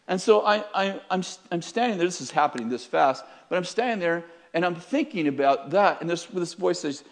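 A middle-aged male pastor preaching a sermon, emphatic, swinging between loud urgent passages and quiet asides, and speaking straight to his congregation. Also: high voice, animated, normal speed. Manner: addresses the congregation directly.

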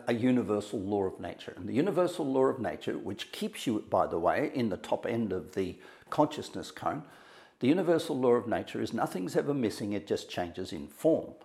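Male motivational speaker, mid pitch, dramatic pauses, acts out dialogue. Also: gravelly, darkish tone. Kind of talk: storytelling talk to an audience.

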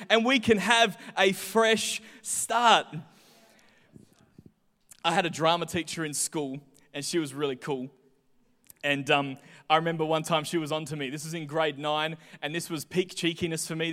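Young male pastor, high voice, lively storyteller, long hall reverb. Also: normal speed. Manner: chatty, animated storytelling with voiced asides. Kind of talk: sermon with personal stories.

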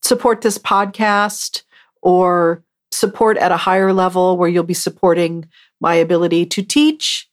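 Slow-talking woman hosting a rambling podcast. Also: fairly low pitch, steady tone. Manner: rambling, chatty and self-mocking. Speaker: podcast host. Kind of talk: casual solo podcast monologue.

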